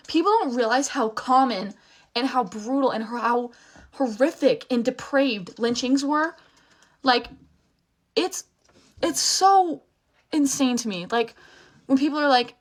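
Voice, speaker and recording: This young social media creator's voice is high-pitched, and she talks a little slowly with frequent pauses during her heated rant to camera. She's angry and emphatic, full of swearing, and she abandons or restarts sentences while upset.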